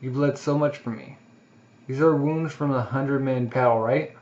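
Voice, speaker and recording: A man's voice: mid-range voice, normal speed, a little mellow, close to an everyday voice. A man reading aloud the lines of a tough young female mercenary captain in his own plain voice, in a muffled lo-fi recording. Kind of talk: casual read-aloud of a comic.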